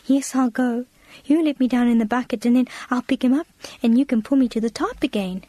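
A woman's voice: fairly high pitch, brisk, no room sound, natural voice. A woman voicing a brave, eager little girl who pleads and exclaims in a storybook reading. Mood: eager pleading. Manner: pleading, excited.

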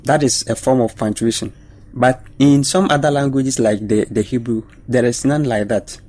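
A man speaking on a faith panel, explaining scripture in a measured, teacherly way. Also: medium pitch, fairly even intonation, darkish tone. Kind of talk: panel discussion on Bible study.

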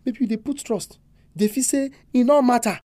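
A preacher with a Nigerian accent delivering a sermon, full of animated, emphatic rhetorical questions. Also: medium pitch, moderate pace, dry recording, studio quality.

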